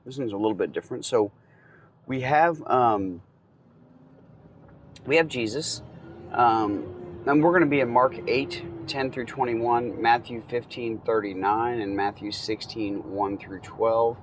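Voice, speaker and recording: A man teaching from the Bible in a relaxed, conversational way, reading passages and adding casual asides. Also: medium pitch, a little slow, a little hiss or hum, rough recording.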